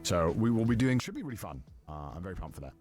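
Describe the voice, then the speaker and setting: A man recounting a story in a loose, excitable way, full of fillers and self-mocking asides. His voice sits a little low but swings widely in pitch, with faint music underneath. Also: fast. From Wales. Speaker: vlogger telling a story. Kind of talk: casual storytelling.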